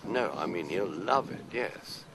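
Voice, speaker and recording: A man's voice: low-pitched, lively intonation, a little slow, background noise. An older man from London, an actor answering interview questions in a chatty, anecdotal, self-deprecating way.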